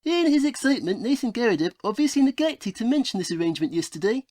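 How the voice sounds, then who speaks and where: A woman's voice: on the high side, very animated, fast, a little mellow, dry recording. Sherlock Holmes, voiced by a woman, fussy and prim. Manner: formal, fussy, scolding. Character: Sherlock Holmes, prim and haughty male detective. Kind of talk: comedy audio play.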